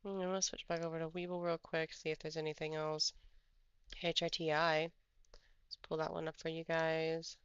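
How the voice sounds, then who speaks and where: A trading streamer chats through charts in a casual live commentary, drifting and thinking aloud. The voice has a gravelly, fry-edged texture. The sound is dry and a little dull, like a lo-fi home mic. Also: mid-range voice, little pitch movement, normal speed, fairly bright tone, dry recording. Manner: rambling, thinks aloud while scrolling charts. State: has the hiccups.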